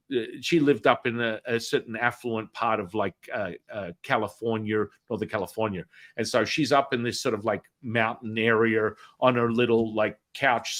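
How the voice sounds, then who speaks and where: A man hosting a podcast, telling a story in a chatty way with many fillers and tag questions, and acting out the dialogue with big swings in pitch and loudness. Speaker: podcast host. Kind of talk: animated storytelling.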